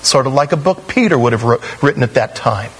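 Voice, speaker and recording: A man preaching a sermon in a conversational, animated way, with sudden rises in pitch. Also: brisk, a little hiss or hum, low-quality recording. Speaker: pastor.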